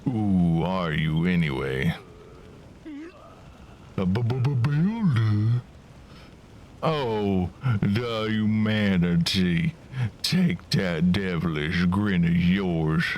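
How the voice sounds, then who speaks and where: A man voicing gruff, burly male miners with an attempted Cockney accent and rough, blustering slang. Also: low voice, lively intonation, drawn-out words, long pauses, darkish tone, slight background noise, heavily acted. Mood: gloomy. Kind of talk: reading game dialogue aloud in voices.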